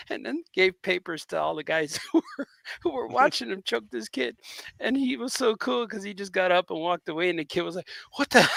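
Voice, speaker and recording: A man's voice: sits high, gravelly, pushed and bright, no room sound. A man hosting a podcast, chatting casually and telling a story with frequent laughs. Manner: quick reactions, laughing storyteller. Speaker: podcast host, comics creator. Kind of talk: casual chat.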